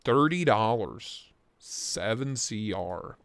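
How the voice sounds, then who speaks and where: Animated, excitable man hosting a livestream. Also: on the low side, takes it slowly, clean tone, no room sound. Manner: excitable, joking, reacts to chat. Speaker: livestream host reviewing knives. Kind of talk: casual live-stream chat. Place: home office.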